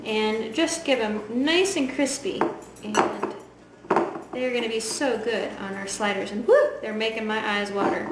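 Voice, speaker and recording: A woman's voice: a little high, a little slow. A woman giving a chatty, enthusiastic cooking demonstration in a home kitchen. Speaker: home cook. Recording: echoey kitchen, voice from far off, loud frying noise.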